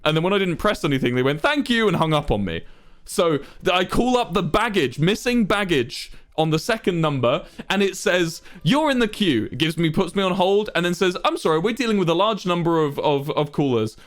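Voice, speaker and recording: Exasperated high-voiced young man ranting. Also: animated, brisk. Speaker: streamer. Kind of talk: casual storytelling to stream chat.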